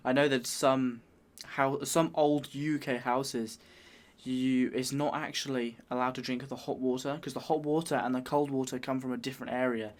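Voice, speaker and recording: A British man hosting a reaction video, making relaxed, chatty asides and agreeing readily. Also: medium pitch, a little slow. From United Kingdom. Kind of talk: casual reaction commentary.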